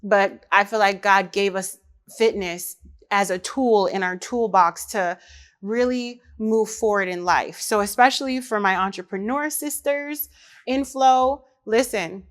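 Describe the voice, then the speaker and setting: A woman, a mother, hosting her own podcast in casual chat, talking lively and straight to the women listening. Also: medium pitch. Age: adult mother. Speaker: podcast host.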